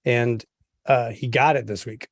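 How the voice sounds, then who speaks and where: A man's voice: medium pitch, fairly even intonation, measured pace, no echo. A man co-hosting a casual chat, dropping dry, wry quips.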